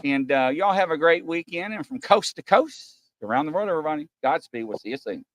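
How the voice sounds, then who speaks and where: A man's voice: on the high side, lively intonation, a little fast, fairly bright tone. A man from Kentucky hosting a podcast, chatting in a joking, rowdy way. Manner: joking, rowdy, laughs a lot. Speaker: host. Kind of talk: casual podcast chat.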